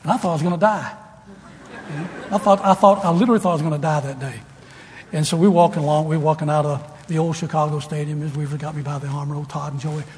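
An older man preaching a sermon to students, folksy and storytelling, rising now and then to loud emphasis. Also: a little high, fairly quick. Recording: long hall reverb, faint room noise.

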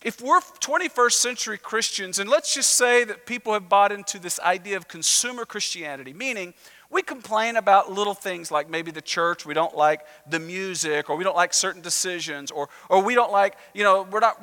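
A man's voice: high-pitched, fairly quick, bright, forceful tone, big-room sound. A man preaching a sermon as pastor in a church, talking conversationally and drawing the congregation in with questions. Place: church sanctuary.

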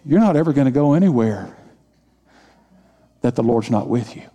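A man's voice: medium pitch, animated, normal speed, dark tone. A man preaching a sermon as senior pastor, speaking emphatically with repeated phrases and leading the congregation in call-and-response. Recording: long reverb of a large hall.

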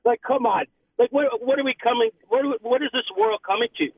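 Male caller, very high gravelly voice, indignant, far off on a phone line. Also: sing-song, brisk. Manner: indignant, rambling. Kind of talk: phone-in call. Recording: tinny distant phone line.

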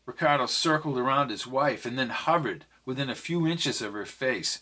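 Here a male narrator delivers a novel as an audiobook, handling all the characters' lines without changing his own voice. He speaks at medium pitch and normal speed, sounding pushed and bright.

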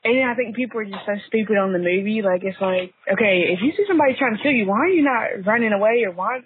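A woman's voice: medium pitch, quick pace. A woman chatting bluntly and freely, her voice sitting in a middle range. The recording is thin and phone-like, with a faint hiss behind her. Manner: blunt, chatty, swears casually. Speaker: guest. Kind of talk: casual chat.

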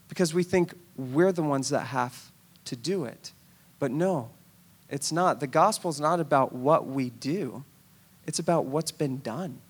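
Gravelly high-voiced male preacher. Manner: conversational, storytelling, animated. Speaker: pastor. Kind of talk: sermon.

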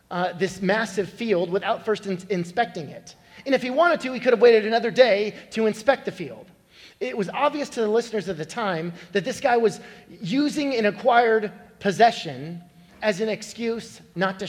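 High-voiced preacher in an echoing hall. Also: male voice. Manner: storytelling preacher, acts out joke voices. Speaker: pastor. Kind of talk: sermon. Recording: echoey hall with long reverb.

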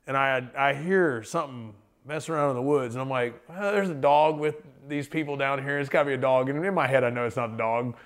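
Rambling casual male storyteller. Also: mid-range voice. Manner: rambling, filler-heavy, animated storyteller. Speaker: interview guest, hiker.

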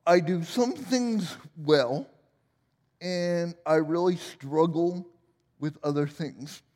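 A man's voice: fairly high pitch, slow, darkish tone, big-room sound. A man in his forties preaching a sermon as pastor, playful and joking at his own expense. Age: 40s. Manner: playful, self-deprecating humor.

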